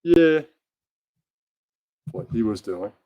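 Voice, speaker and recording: Man, puppet show host: slow, dark-toned, casual rambler, dry sound. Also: lowish voice, expressive, dry recording. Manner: rambling, mumbles to himself between bits. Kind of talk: casual comedic narration.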